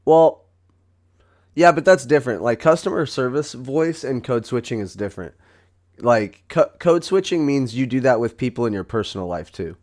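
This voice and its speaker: A man's voice: mid-range voice, animated, normal speed, a little mellow. A man co-hosting a podcast in casual chat, joking, swearing freely and echoing his partner's lines. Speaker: podcast co-host.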